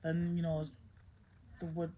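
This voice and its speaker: A woman's voice: on the low side, completely flat delivery, measured pace, warm tone, slight background noise, low-quality recording. Stern mother talking to camera. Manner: scolding, stern and emphatic with her child. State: emotionally strained. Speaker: mother and vlogger. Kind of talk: candid vlog talk to camera.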